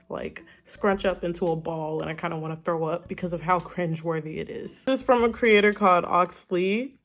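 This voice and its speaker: A woman giving casual reaction commentary on short videos, chatty and dramatic, laughing often. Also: lowish voice. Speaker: YouTube commentator.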